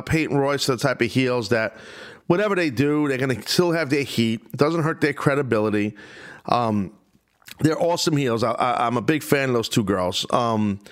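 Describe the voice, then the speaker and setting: A man's voice: a little high, fairly bright tone. A man hosting a podcast, giving casual, opinionated commentary that rambles and drifts off on tangents. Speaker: podcast host.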